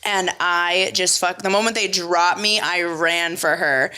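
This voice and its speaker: Brash, bright-voiced young woman telling stories. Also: fairly low pitch, fairly even intonation, unhurried, clean tone. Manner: brash, profane storyteller who acts out quotes. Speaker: podcast co-host. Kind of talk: casual podcast chat.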